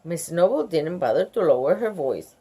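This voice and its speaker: A woman reading a children's book aloud, adding excited gasps and comments. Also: lowish voice, normal speed, breathy edge. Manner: animated, gasping and laughing asides. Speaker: storybook reader.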